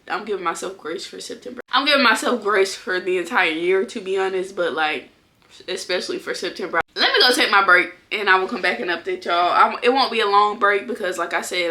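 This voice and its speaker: A woman's voice: mid-range voice, pushed and bright. A young woman book vlogger talking casually to her viewers, venting in exasperation with repeated exclamations. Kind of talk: casual vlog talk to camera.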